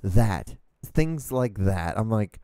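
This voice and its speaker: A man's voice: lowish voice, expressive, slow pace, warm tone, clear, resonant tone, no echo, studio quality. A man hosting his own podcast, ranting casually and profanely into a microphone with an exasperated tone. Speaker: podcast host. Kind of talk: casual solo rambling rant. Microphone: studio microphone, talking to camera.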